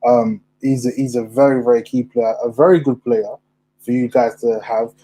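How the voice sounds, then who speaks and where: A young man hosting a casual football chat, animated and full of slang. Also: medium pitch, moderate pace, poor audio. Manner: animated, slangy, asks questions. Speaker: podcast host.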